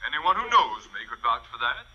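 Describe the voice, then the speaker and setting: An actor in a 1950s radio sitcom playing a pompous, easily outraged high school principal with a bombastic manner. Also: male voice, sing-song, fairly quick, lightly acted. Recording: dull old radio broadcast with hiss.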